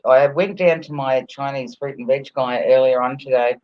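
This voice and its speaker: Male podcast guest, middle pitch, loose swearing storyteller, dull lo-fi audio. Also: steady tone, normal speed. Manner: rambling storyteller, swears freely. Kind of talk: casual chat. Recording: lo-fi call audio.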